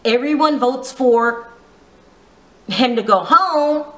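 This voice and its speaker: A woman's voice: high voice, takes it slowly, fairly bright tone, reverberant. A woman giving a casual, gossipy recap of a reality show, teasing and full of asides. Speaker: vlogger reviewing a reality show.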